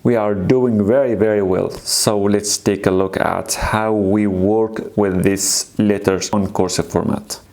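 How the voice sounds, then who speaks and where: Very slow, patient male language teacher. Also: on the low side, steady tone, a little mellow. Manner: repeats each sound and word several times for learners to echo; explains in simple, plain sentences. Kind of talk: slow, patient alphabet lesson.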